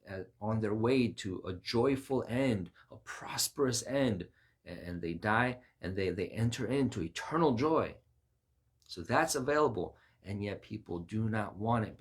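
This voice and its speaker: Husky-voiced man preaching emphatically. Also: fairly low pitch. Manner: emphatic, repeats words, voice rises sharply on quoted lines. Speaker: Christian preacher. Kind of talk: informal sermon-style talk.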